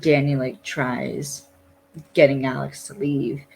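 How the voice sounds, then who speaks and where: A podcast co-host talks slowly and easily, with a gravelly, creaky edge. The speech drifts along, loose and full of "like" fillers. A faint hum sits under the home recording. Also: medium pitch, level tone, rough recording. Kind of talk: casual podcast chat.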